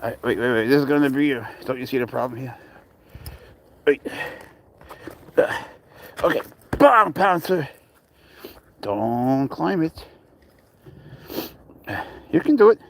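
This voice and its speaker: A man's voice: mid-range voice, unhurried, gravelly, long pauses, fairly bright tone. A young man from Spain, outdoors, coaxing and cheering on his cat in a playful way. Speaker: pet owner filming his cat. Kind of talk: casual talk to a pet.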